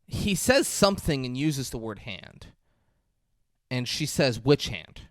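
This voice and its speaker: A man's voice: medium pitch, a little slow, dry recording, studio quality. A young man co-hosting a podcast, recapping a movie in casual chat and acting out lines with big voice jumps. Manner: animated, acts out quotes with big voice jumps. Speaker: podcast co-host.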